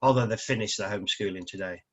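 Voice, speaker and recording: A man's voice: on the low side, quick pace, husky. A middle-aged man talking casually on a video call with his coach. He speaks hesitantly and often repeats his first words before getting a sentence out. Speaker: coaching client. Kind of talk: casual conversation.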